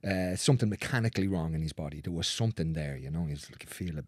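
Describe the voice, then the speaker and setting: A man's voice: deep voice, fast talker, a little mellow, no room sound, studio quality. Blunt, swearing male therapist. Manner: blunt, swears freely, acts out quoted voices. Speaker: manual therapist. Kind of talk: casual storytelling in conversation.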